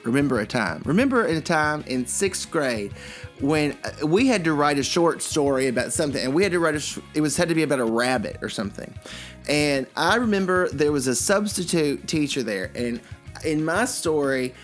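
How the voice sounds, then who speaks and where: Joking man co-hosting a comedy podcast. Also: a little high. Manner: joking, rambling, crude. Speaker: podcast co-host. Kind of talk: comedic casual chat.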